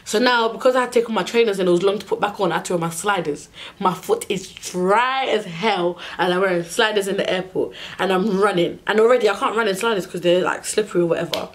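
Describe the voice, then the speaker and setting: A woman's voice: medium pitch, fast. Exasperated young woman ranting. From United Kingdom. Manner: exasperated, animated retelling with acted-out dialogue. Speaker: vlogger. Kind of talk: storytime rant.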